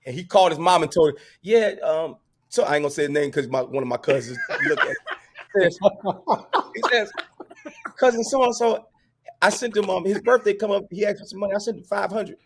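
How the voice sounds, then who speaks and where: A man in his fifties telling a family story in casual talk, animated and loud when he quotes himself. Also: high voice, brisk, a little hiss or hum. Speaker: podcast guest.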